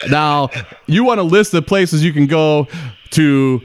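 A brash, playful man doing a hyped fast food promo, stretching words for effect. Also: on the high side, smooth. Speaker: podcast co-host doing a promo.

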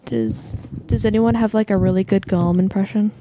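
A woman's voice: mid-range voice, lively intonation, a little fast, warm tone, slight background noise. A young woman chatting casually on a food-tasting show, giggly and hesitant, often restarting her sentences. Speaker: co-host. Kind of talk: casual chat.

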